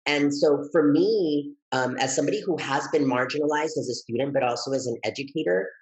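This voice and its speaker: A man guesting on an interview, telling his story in a lively, expressive way that jumps high when he gets excited. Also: fairly quick, poor audio. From Texas, United States. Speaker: guest, educator and author.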